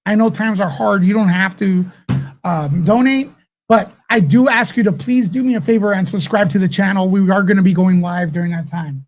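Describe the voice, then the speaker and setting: A man's voice: high-pitched, normal speed. A man hosting a live commentary stream, talking heatedly to his chat, swearing often and rambling through restarts.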